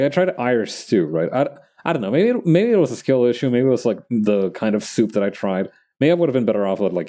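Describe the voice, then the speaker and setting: Young male streamer, low and mellow, loose chatty rambling. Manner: chatty, full of likes and restarts, laughs at himself. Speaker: streamer drawing live. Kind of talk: casual rambling chat while drawing.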